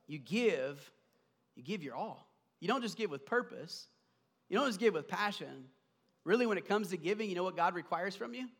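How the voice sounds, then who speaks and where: A male pastor preaching a sermon, swinging from hushed, low passages to loud, emphatic calls. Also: lively intonation, moderate pace. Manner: acts out quoted voices while retelling a story.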